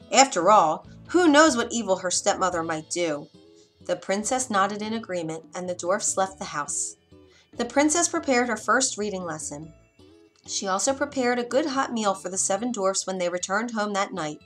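A woman narrating a fairy tale for children, expressive with dramatic pauses. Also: medium pitch. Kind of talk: scripted storybook narration.

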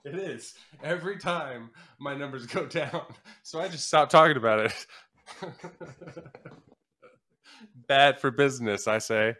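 A man with an average-pitched voice co-hosts a podcast in a loose, joking way. He rambles and trails off, and now and then slips into mock voices. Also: a little slow, pauses often, sharp tone. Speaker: podcast co-host. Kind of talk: casual comedic chat.

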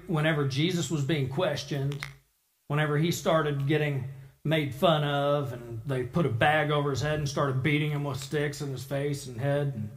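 Male preacher, slightly high voice, animated storyteller who voices the people in his story. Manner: lively storytelling, acting out the people in it. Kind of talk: sermon.

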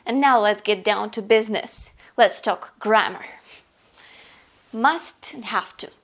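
A woman teaching an English grammar lesson, explaining slowly and clearly with examples. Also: mid-range voice, a bit bright. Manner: slow, clear, deliberate explanation.

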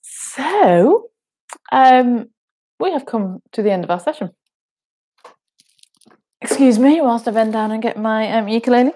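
A woman leading a gentle sensory music session at home, soothing and encouraging with frequent ums. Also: a little high, expressive, measured pace, long pauses.

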